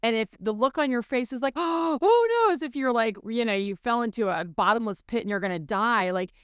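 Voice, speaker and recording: Woman, faith podcast co-host, smooth clear tone, lively storytelling, dry sound. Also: on the high side, quick pace, no room sound. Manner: animated storyteller, acts out quoted voices. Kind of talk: casual faith podcast chat.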